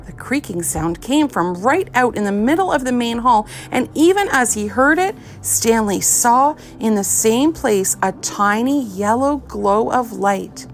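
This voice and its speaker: A woman narrating a children's storybook aloud with expressive, lively storytelling. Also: on the high side, unhurried, hardly any pauses, soft background music. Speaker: audiobook narrator.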